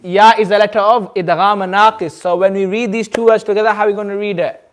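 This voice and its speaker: A man whose voice sits high talks fast with flat delivery as he teaches Quran recitation in a community centre classroom. He patiently quizzes his students and models each sound out loud.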